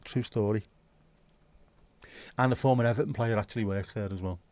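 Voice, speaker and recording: A man's voice: fairly low pitch, fairly quick, darkish tone, no room sound. A man hosting a casual livestream, rambling chattily with sweary asides. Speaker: livestream host. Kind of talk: casual solo livestream chat. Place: home.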